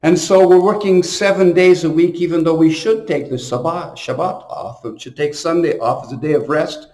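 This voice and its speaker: Emphatic priest in an echoey room. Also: male voice, on the high side, moderate pace. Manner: storytelling, emphatic, with sudden loud bursts. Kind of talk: homily to camera.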